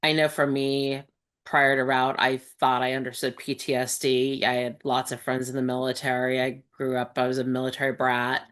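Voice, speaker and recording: Female host, very low voice, reflective conversational delivery. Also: level tone, moderate pace, a bit bright. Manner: reflective, thoughtful, with frequent fillers. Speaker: host and support group facilitator. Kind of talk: conversational group discussion.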